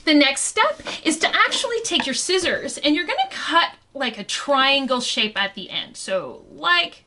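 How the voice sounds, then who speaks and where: Brief: young woman science educator, playful kids' lesson, high and very animated, unhurried. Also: a little hiss or hum. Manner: playful, encouraging, asks the viewer questions. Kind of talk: online science lesson for children.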